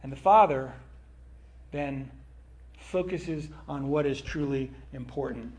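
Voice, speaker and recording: A man's voice: medium pitch, takes it slowly, pauses often, a little mellow. A man preaching a sermon in a conversational way, with frequent asides to his listeners.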